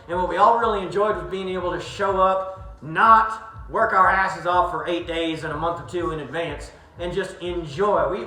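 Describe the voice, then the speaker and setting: Profane, bright-voiced man telling stories. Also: high voice, reverberant, rough recording. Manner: profane, rambling, slips into put-on accents. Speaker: vlogger. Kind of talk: casual storytelling recap.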